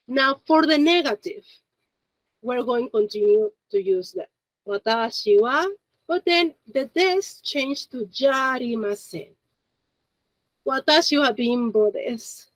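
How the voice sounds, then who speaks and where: Over a video call, a high-pitched woman teaches an introductory Japanese lesson for a school in Monterrey. Her sound is dry and up close, free of echo, and she encourages her students, frequently asking "okay?" and "yes?" to keep them following.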